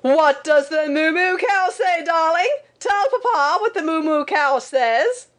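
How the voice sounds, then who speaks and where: A woman reading aloud, voicing a loud doting father who shouts sing-song baby talk at his children. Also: very high voice, expressive, unhurried, voice pushed up, exaggerated voice. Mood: shouting cheerfully.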